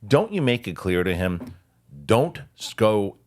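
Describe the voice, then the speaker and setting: A male podcast host with a low voice that swings widely in pitch. He talks in a loose, animated way and leaps high when he voices someone else's words. It sounds like casual chat between co-hosts. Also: measured pace. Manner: animated, jumps in pitch when quoting others.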